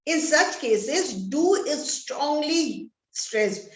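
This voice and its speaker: A high-pitched woman with an Indian English accent teaches grammar at an unhurried pace. She reads each example sentence aloud and stresses the key words. Her voice carries an echoey room sound. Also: lively intonation. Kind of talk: classroom-style grammar lesson.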